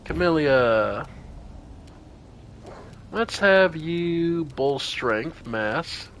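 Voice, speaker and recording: A man's voice: fairly high pitch, drawn-out words, a little hiss or hum. A man streaming a strategy role-playing game, talking casually through each party member's turn as he plays. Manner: talks through party turns aloud, animated exclamations. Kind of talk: casual gameplay commentary.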